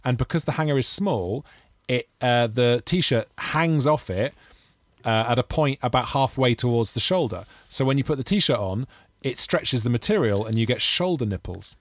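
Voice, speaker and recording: A man's voice: medium pitch, expressive, moderate pace, no echo. A man hosting a podcast in casual chat, playful and teasing. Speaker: podcast host.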